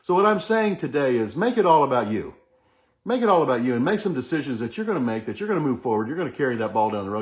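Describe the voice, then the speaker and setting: Middle-aged guy doing a pep talk, repeats affirmations over and over, earnest. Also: mid-range voice. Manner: earnest, repetitive chanting of affirmations. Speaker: host. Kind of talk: motivational talk leading affirmations.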